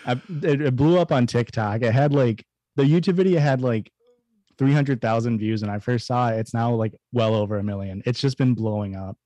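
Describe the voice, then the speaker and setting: A man's voice: medium pitch, a little fast, warm tone, no room sound. A man joking as a guest on a comedy podcast, punning and laughing often. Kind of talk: casual comedy chat.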